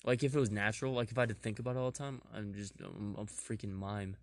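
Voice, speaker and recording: A man in playful casual chat with a friend, teasing and firing off quick questions. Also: fairly low pitch, fairly even intonation, dry recording. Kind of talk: casual chat, improvised rhyming.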